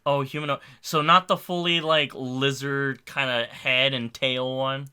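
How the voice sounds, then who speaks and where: A man's voice: mid-range voice, fairly even intonation, unhurried, bright, forceful tone, clean tone. A young man in casual podcast chat, eagerly explaining video game lore with jokey asides. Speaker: podcast co-host.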